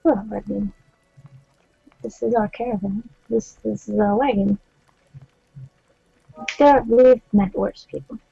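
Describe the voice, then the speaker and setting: A woman's voice: medium pitch, fairly even intonation, takes it slowly, gravelly, pauses often, mellow, husky. A woman playing a tabletop role-playing game, speaking hesitantly and repeating words. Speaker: player. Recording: dull lo-fi audio.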